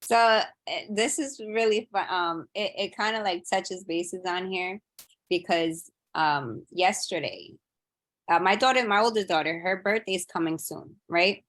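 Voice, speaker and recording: A woman in her thirties shares a story in a relaxed podcast chat, her voice bright and forward. She slips into the people she quotes, making them come alive as she goes. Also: on the low side, a little slow. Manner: animated storyteller, acting out quotes. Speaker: audience member sharing a story. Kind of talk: casual chat.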